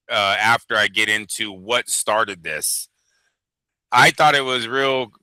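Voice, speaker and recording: A man's voice: mid-range voice, bright, forceful tone, smooth, no room sound, poor audio. A man co-hosting a fight news show, giving blunt, opinionated takes with plenty of swearing. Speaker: boxing show co-host. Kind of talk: casual profane news chat.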